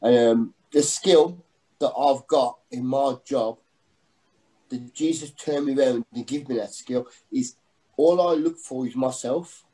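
A middle-aged man giving a personal testimony in a halting, earnest way, full of restarts. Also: medium pitch, warm tone, rough recording. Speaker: guest sharing testimony.

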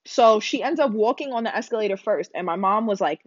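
Loud, profane young woman ranting. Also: on the high side, moderate pace, hardly any pauses, no room sound, dull audio. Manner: blunt, loud, profane, animated. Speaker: vlogger. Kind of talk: casual ranting storytime.

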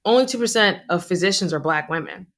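A woman's voice: on the low side, lively intonation, quick pace, a bit bright. A middle-aged woman, a physician guest, talking in a chatty, joking, conversational way. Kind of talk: conversational interview.

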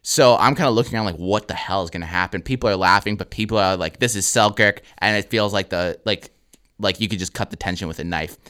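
A young Canadian man co-hosting a podcast, telling a comedy-show story in a casual, animated way, swearing and acting out the crowd. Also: on the low side, quick pace, clean tone. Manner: animated, swears a lot, acts out crowd voices.

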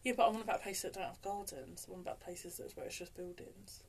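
A woman's voice: lowish voice, fairly even intonation, fast talker, husky. A young woman, co-hosting a casual podcast chat, blunt and sarcastic. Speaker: podcast co-host.

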